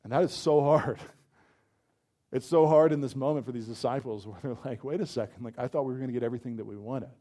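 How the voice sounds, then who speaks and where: Warm-voiced male pastor preaching casually. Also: mid-range voice, fast talker. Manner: conversational, peppered with "like", animated emphasis. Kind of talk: sermon.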